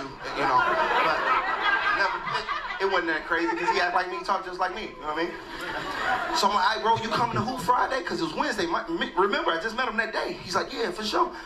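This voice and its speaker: A man telling a stand-up story, laughing through his lines and acting out both sides. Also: sits high. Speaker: stand-up comedian. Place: comedy stage before a live audience. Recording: roomy venue with loud audience laughter.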